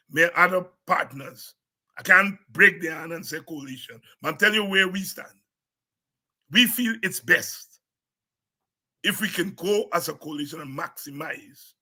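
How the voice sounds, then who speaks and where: A man with a Guyanese accent giving an impassioned political address as a party leader, forceful and emphatic, repeating words for stress. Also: high voice, measured pace.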